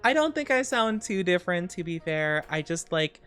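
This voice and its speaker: A woman's voice: fairly low pitch, sing-song, normal speed, fairly bright tone, smooth, faint music behind. A young woman streamer talking casually while sick and dizzy, giggly, rambling and self-conscious. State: sick, dizzy, under the weather. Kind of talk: casual chat.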